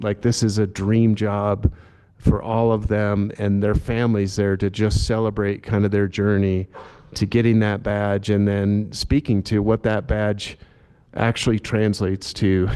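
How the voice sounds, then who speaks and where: A man speaking at a public commission meeting, talking in a halting way with many fillers and restarts. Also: fairly low pitch, clean tone. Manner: self-described monotone delivery. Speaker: agency director at a commission meeting. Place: meeting room.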